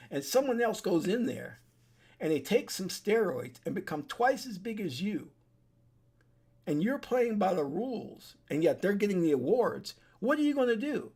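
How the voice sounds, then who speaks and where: A man's voice: high-pitched, a little mellow, husky. A man giving an urgent, preachy solo monologue to his desk webcam, repeating his points and restarting his sentences. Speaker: online commentator. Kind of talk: solo warning monologue to camera. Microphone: webcam setup at a desk.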